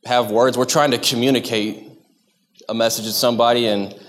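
Man preaching in a reverberant hall. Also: on the low side. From Texas. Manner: conversational, self-deprecating, halting restarts. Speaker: lay preacher. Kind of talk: sermon. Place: church sanctuary.

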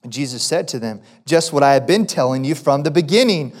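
A man's voice: a little high, lively intonation, brisk. A man preaching a sermon, reading scripture and asking the congregation rhetorical questions. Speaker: pastor.

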